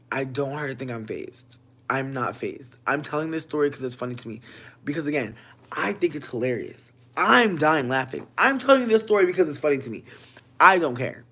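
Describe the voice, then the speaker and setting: A woman vlogger telling a comic storytime rant. She is animated and profane, swinging between loud exclamations and low mutters. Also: moderate pace, breathy edge.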